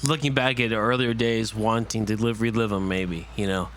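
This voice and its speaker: Excitable man reacting to a trailer. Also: on the low side, normal speed. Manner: excitable and rambling, with many fillers and restarts. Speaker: movie trailer reviewer. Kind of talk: casual reaction commentary.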